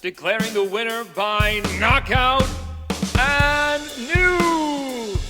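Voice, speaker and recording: A man voicing a booming male ring announcer who draws out his words. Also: heavily acted. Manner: drawn-out announcer shouting. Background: loud drum music.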